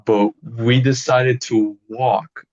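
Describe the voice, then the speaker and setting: A man co-hosting a podcast, telling animated stories in casual chat with plenty of swearing. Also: mid-range voice, slow, muffled recording. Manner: animated, swearing, laughing storyteller. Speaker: podcast co-host.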